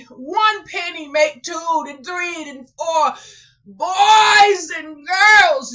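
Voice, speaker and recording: A woman who runs a small online shop is speaking in an emotional vlog at home while crying. She repeats exclamations and swings between sobbing outbursts and hushed murmurs. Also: high voice. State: tearful, crying. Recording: dull lo-fi recording.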